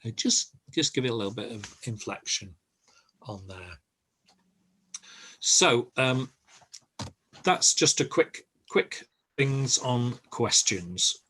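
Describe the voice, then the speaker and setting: Older male teacher on a video call, unhurried and hesitant, mid-pitched voice. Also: lively intonation, pushed and bright, husky. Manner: patient, halting explanations with many pauses. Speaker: language teacher. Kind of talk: online group lesson.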